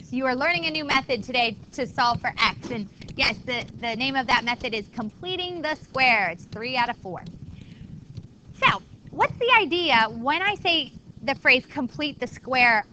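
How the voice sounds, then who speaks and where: Bright-voiced woman teaching a math class. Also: high voice, a little hiss or hum, poor audio. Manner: chatty, explains step by step to students. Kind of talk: classroom lecture.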